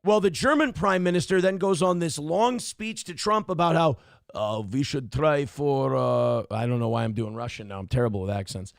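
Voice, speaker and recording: A man's voice: a little high, lively intonation, fairly quick, few pauses, no room sound, studio quality. A man hosting a morning show, giving blunt, profane and sarcastic commentary on the news.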